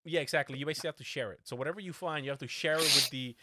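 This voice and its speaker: A man's voice: fairly high pitch, racing, background noise. A man in casual talk, telling a story animatedly, swearing often and acting out the quotes. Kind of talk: casual podcast chat.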